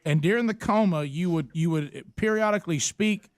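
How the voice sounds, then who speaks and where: Host: man, slightly higher voice, easygoing, laughs easily. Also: no room sound. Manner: easygoing, laughing, quick to joke. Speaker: radio show host. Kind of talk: casual radio chat.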